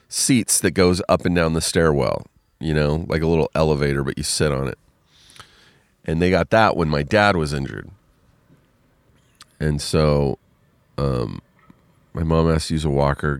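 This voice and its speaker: Deep, clear-voiced man; casual, filler-heavy storyteller, dry close sound. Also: no room sound. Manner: rambling, filler-heavy retelling with many "like"s.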